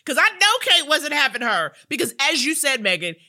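Playful woman podcaster, very bright. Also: high-pitched, a little fast. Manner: expressive, playful, lots of fillers. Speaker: podcast co-host. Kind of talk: casual chat.

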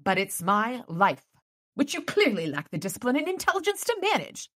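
A woman reading the lines of a defiant, sulky teenage girl, pushing her voice somewhat higher. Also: huge pitch swings, normal speed, a bit bright, full character voice.

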